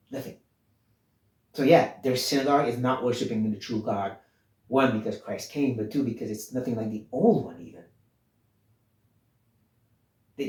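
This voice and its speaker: Earnest male Bible teacher, blunt, stumbling restarts; mellow tone, roomy echo. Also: mid-range voice. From Canada. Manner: earnest, blunt, with frequent restarts and emphatic stresses. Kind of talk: sermon-style Bible teaching.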